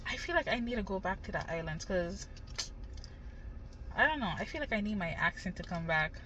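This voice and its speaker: A woman's voice: mid-range voice, expressive, fairly quick, a bit bright, lo-fi sound, a little hiss or hum. A young woman from the Caribbean talking in a loose, rambling way, full of slang and swearing. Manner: loose, slangy, cursing freely. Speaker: vlogger. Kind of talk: casual rambling monologue.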